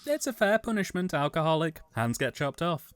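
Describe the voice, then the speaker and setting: A man co-hosting a casual comedy podcast, cracking deadpan jokes and riffing on what he is watching. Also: a little high, normal speed, clean tone, no room sound. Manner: jokey, deadpan asides. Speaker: co-host.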